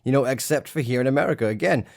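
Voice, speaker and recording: A man's voice: medium pitch, rapid-fire, gravelly. A man hosting a casual history podcast, irreverent, jokey and profane. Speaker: podcast host.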